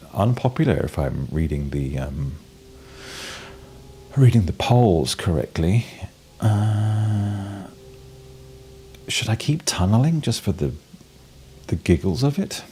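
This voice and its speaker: A British game streamer with a cold coughs and sneezes through casual gameplay commentary, wry and playful, full of ums and restarts. His low, dark voice swings widely in pitch, and he speaks slowly with long pauses over slight background noise.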